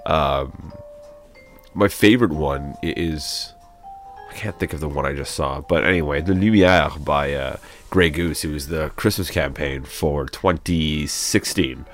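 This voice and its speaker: A man with a very low, deep voice chatting casually as a co-host. He hesitates and trails off as he hunts for his words, with faint music playing behind. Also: unhurried. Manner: relaxed, hesitant, trails off mid-thought. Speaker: podcast co-host. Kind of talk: casual chat.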